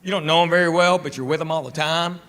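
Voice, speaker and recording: A male stand-up comedian telling stories in a deadpan way, acting out both sides of the back-and-forth dialogues. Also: fairly high pitch, fast talker. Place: comedy club stage. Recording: loud audience laughter.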